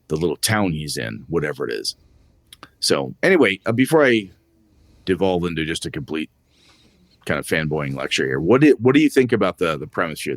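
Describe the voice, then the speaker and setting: Deep-voiced, animated podcast host. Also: male voice, no room sound. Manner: animated, acts out quotes with rising pitch. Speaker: podcast co-host and game master. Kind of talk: casual podcast chat.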